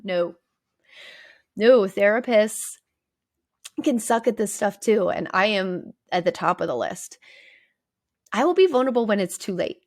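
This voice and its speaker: A woman's voice: mid-range voice, moderate pace, pauses often, a little mellow. A woman therapist talking candidly and conversationally on her podcast, with lots of "like" and "right?". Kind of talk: casual podcast monologue.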